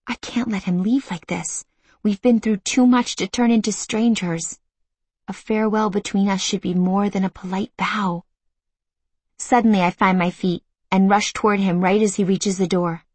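A woman narrating a first-person audiobook in an intimate, emotional, measured way. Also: mid-range voice, steady tone, a little mellow, slightly rough, dry recording.

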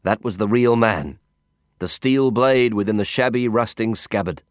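A man reads a novel aloud in the first person with a low voice. His telling is measured and intense. The recording is dry and close, with no room sound. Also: clean tone, no room sound. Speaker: audiobook narrator. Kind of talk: scripted first-person narration.

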